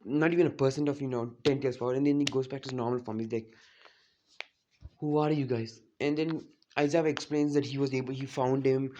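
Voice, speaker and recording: A man's voice: medium pitch, fairly even intonation, quick pace, hardly any pauses, warm tone. Guy just rambling thru a fan story, like you know like, kinda muffled recording. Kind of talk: casual retelling of a fan story.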